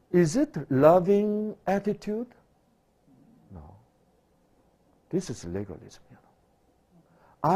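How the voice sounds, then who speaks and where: Animated middle-aged male pastor preaching. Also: mid-range voice, breathy edge. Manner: animated, rhetorical questions, swings from loud to hushed. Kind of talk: sermon.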